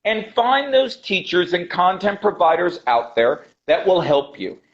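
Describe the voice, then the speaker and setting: Appearing as a guest on a video call, this American English teacher speaks in a high, very animated voice at a measured pace. He presses his points emphatically, repeating them for weight, and addresses his host as "brother" in a passionate interview, all captured in dull, lo-fi call audio.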